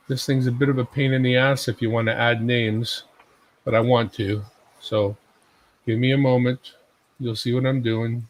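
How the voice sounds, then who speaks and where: A man's voice: mid-range voice, rough recording. A man hosting a casual live stream, commenting in a joking, self-mocking, chatty way. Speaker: livestream host.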